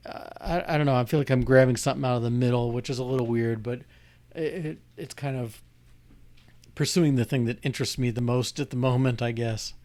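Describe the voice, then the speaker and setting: In a casual live coding walkthrough, a programmer with a medium-pitched, slightly mellow voice works through code on screen. He speaks briskly with fairly even intonation, thinking aloud with frequent restarts and fillers.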